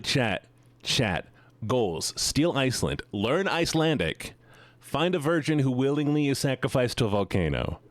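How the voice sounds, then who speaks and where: A man's voice: lowish voice, no echo. A man streaming and chatting casually with his viewers, rambling and joking as he gets sidetracked.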